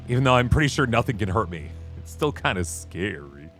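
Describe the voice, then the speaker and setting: A man's voice: low voice, animated, fairly quick, hardly any pauses. A man streaming a video game, chatting playfully and reacting to what he sees. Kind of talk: let's play commentary. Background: faint game music.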